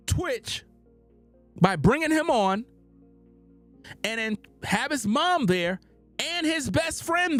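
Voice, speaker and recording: A man's voice: very high-pitched, no room sound. A man hosting a heated commentary monologue, insistent and repetitive with preacher-like emphasis. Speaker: commentary channel host.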